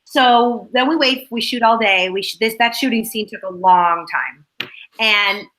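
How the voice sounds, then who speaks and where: A woman's voice: fairly high pitch, unhurried, fairly bright tone, poor audio. An actress, a woman, chatting as a guest and rambling through behind-the-scenes stories. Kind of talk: casual chat.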